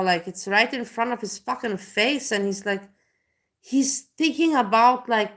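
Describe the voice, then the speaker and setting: A young adult woman live streamer chatting casually, who swears often and gets worked up and emotional. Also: fairly high pitch. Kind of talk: casual reaction chat.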